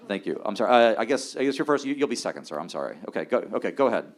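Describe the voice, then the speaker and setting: A man moderating a policy panel, briskly directing the Q&A with dry jokes. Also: fairly low pitch, very animated. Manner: brisk, joking, directs the audience.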